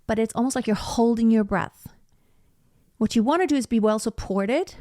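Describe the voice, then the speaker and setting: A woman's voice: fairly high pitch, normal speed, warm tone, no room sound, studio quality. Enthusiastic opera singer woman explaining technique. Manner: enthusiastic, explanatory, sings short demonstration notes. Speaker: opera singer reacting to a performance. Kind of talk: casual reaction and vocal analysis.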